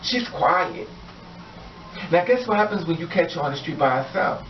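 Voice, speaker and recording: A woman's voice: lowish voice, expressive, normal speed, far from the mic, soft background music. A woman vlogger delivering an angry, blunt, profane rant straight to her viewers. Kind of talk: impassioned rant to camera. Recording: echoey room, off mic, dull lo-fi sound.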